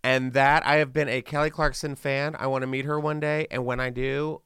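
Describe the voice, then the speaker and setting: A man hosting a podcast, telling animated stories with playful asides in casual chat. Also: mid-range voice, fairly quick, clean tone, no room sound, studio quality. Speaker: podcast host.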